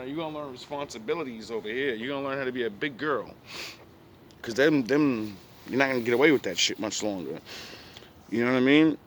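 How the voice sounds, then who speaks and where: A man's voice: mid-range voice, a little fast, a bit bright, slight background noise. A young man bluntly retelling a past relationship in profane street slang, casual storytelling.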